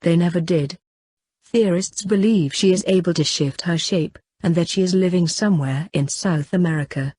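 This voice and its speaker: Here is a guarded, secretive grown man from an audiobook, read by a woman. He talks in a measured, terse way, in a low voice with a husky edge. It sounds close and dry. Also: dark tone, dry recording. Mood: grave.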